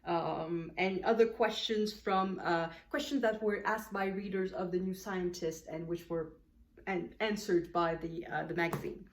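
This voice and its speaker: A woman's voice: on the low side, steady tone, a little slow, a little hiss or hum. A woman vlogging casually about her books, thinking aloud and correcting herself as she sorts them onto her shelves at home. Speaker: book vlogger. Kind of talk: casual chat sorting books. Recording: roomy echoey room.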